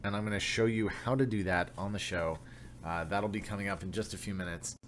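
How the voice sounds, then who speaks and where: A man's voice: lowish voice, fairly even intonation, a little fast, fairly bright tone, a little hiss or hum. Upbeat male livestream host. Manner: upbeat, greets chat viewers by name. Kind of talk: casual livestream chat.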